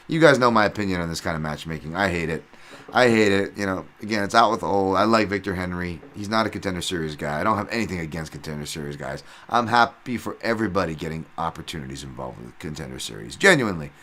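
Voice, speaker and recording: Low-voiced guy with a sharp edge doing his podcast, swears a lot, rambles, gets loud. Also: fast. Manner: rambling and profane, fillers and restarts, flares up loud when excited. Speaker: podcast host. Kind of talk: casual podcast talk.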